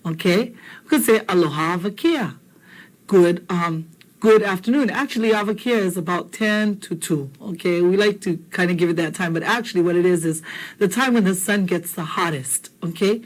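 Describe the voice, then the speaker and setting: A woman's voice: fairly low pitch, moderate pace, low-quality recording. Encouraging woman teaching. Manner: encouraging, repeats phrases for learners. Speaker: Hawaiian language teacher. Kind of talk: language lesson explanation.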